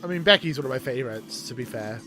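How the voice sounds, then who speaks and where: A young Welshman rambling excitably in casual live commentary as he watches a wrestling show. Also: medium pitch, quick pace, faint music behind. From Wales. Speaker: streamer.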